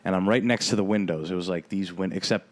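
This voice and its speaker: A man's voice: sits low, fast, a little mellow. A young man hosting a podcast, telling a rambling, profane story in casual chat with lots of fillers. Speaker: podcast host.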